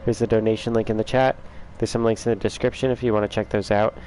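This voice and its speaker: A man's voice: on the low side, flat delivery, quick pace, a little mellow, slight background noise, poor audio. A man hosting a casual gaming livestream from his room at home, chatting and teasing viewers by name.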